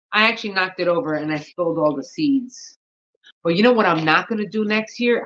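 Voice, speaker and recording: A woman's voice: lowish voice, moderate pace, a bit bright, dull audio, slight background noise. A woman chatting casually in a gardening vlog, rambling and talking to herself, tired and yawning. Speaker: gardening vlogger.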